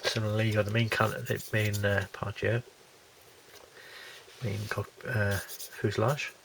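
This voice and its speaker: Gravelly-voiced man reviewing a model kit. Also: fairly low pitch, flat delivery, measured pace, background noise. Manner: rambling, hesitant with many fillers and restarts. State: has a lingering cold. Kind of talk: casual unboxing commentary.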